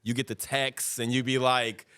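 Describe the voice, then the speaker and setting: Man, podcast host, playful, slangy, mid-low pitch, dry recording. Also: little pitch movement, normal speed, fairly bright tone, smooth, dry recording. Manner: playful, laughs and chimes in with slang. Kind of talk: casual chat. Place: studio.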